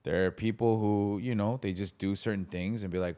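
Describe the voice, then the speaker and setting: Lively low-voiced man telling faith stories. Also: a little fast, clean tone. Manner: animated storyteller, acts out voices in anecdotes. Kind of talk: casual conversation.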